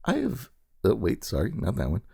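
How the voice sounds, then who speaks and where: A man's voice: lowish voice, wildly swooping pitch, normal speed, vocal fry, mellow, slightly rough. A man co-hosting a casual podcast, playful and theatrical, swearing casually as he spins ideas. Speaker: podcast co-host.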